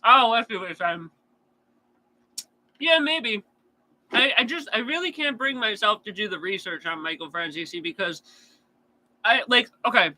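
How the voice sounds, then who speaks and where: A man's voice: high-pitched, animated, unhurried, long pauses, sharp tone, low-quality recording. A man chatting casually on a true crime stream, answering chat in a blunt, profane rant.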